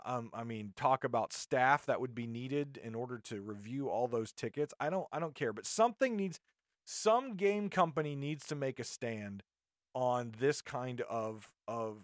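A man's voice: medium pitch, no echo, clean studio sound. A man hosting a podcast, ranting indignantly in a monologue and often restarting his sentences. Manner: indignant, rambling with frequent restarts. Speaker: podcast host.

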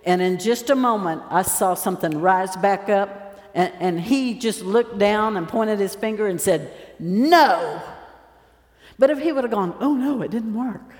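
A woman preacher giving a lively sermon, telling stories and acting out the scenes as she goes. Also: mid-range voice, moderate pace. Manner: lively storytelling, acts out scenes. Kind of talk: sermon with stage demonstration. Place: large church hall. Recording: roomy echo, long hall reverb.

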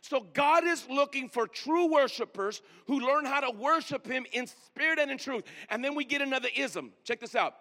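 Very high-pitched, animated and bright, this pastor's voice carries a forceful tone as he preaches in a church sanctuary. He calls for the congregation's responses and lingers on important words, all echoing with long large-hall reverb.

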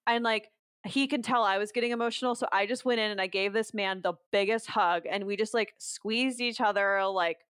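A woman's voice: medium pitch, steady tone, brisk, a bit bright, clean tone, no room sound, clean studio sound. A woman guest on a podcast, telling a personal story in a casual, candid way, with frequent filler words and some swearing.

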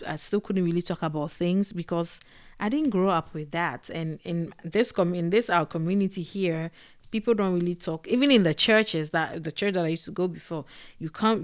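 A woman talking casually to camera as a vlogger, animated and digressive, full of fillers and quick laughs. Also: on the low side, no room sound, clean studio sound. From Africa. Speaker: vlogger and podcaster.

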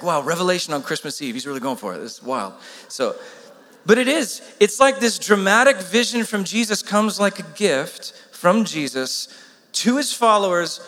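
High-voiced preacher man in reverberant hall. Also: a bit bright. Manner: urgent, emphatic preaching with rhetorical questions. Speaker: pastor. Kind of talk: sermon.

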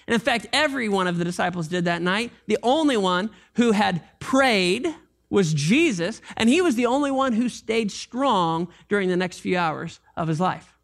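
A man preaching a sermon as pastor, animated and conversational, with jokes and asides to the congregation. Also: very high voice, creaky.

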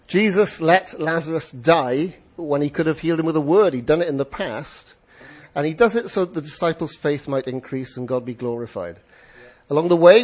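A man reading a Bible passage aloud and then preaching on it, emphatic and expressive, with rhetorical questions. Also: on the high side, slightly rough. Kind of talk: scripture reading and sermon.

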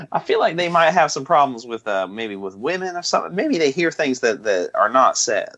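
A man co-hosting a podcast in casual chat, deadpan and jokey, sometimes drifting into a put-on drawl. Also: on the high side, moderate pace, pauses often, breathy edge, muffled recording. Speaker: podcast co-host.

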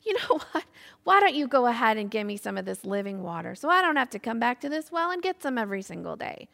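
A woman's voice: sits high, expressive, unhurried. A woman playing a sarcastic Samaritan woman. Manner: mocking and sarcastic. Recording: echoey hall with long reverb.

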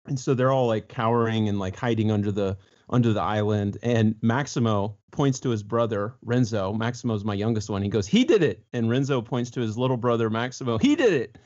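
Brief: male co-host, casual storyteller, animated, slips into quoted voices, slightly dull lo-fi sound. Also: fairly low pitch, brisk. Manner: animated, jumps into voices when quoting others.

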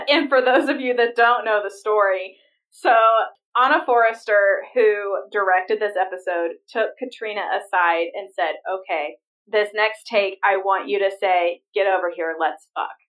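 A woman's voice: mid-range voice, measured pace, fairly bright tone, far from the mic, low-quality recording. A young adult woman co-hosting a podcast in casual chat, giggly and explaining behind-the-scenes details. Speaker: podcast co-host.

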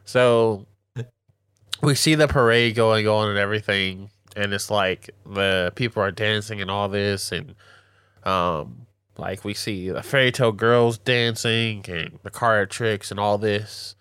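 A man's voice: fairly low pitch, steady tone, a little slow, fairly bright tone, clear, resonant tone, dry recording, clean studio sound. A young man co-hosting a podcast, chatting casually and emotionally about an anime, with lots of fillers.

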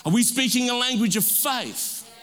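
With a very high, fairly bright voice, a male pastor preaches a call-and-response sermon, calling for amens and drawing out emphatic words. It is recorded in a church sanctuary with the long reverb of a large hall.

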